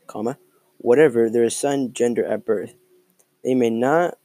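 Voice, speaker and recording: Gravelly profane man ranting on his podcast. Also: medium pitch, a little mellow, no room sound. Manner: profane, mocking, rambling with many fillers. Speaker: podcast host. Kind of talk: casual solo podcast rant.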